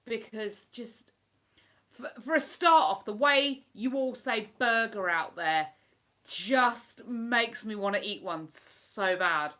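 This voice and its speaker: Bright-voiced chatty British woman. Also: fairly high pitch, slow pace. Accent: British English. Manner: chatty, enthusiastic, rambling. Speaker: livestream host. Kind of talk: casual chat.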